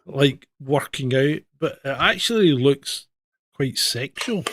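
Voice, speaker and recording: A man's voice: medium pitch, expressive, slow, a bit bright, dry recording. A man co-hosting a livestream news roundup, talking bluntly and sarcastically, swearing and laughing at his own jokes. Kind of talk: casual sarcastic banter.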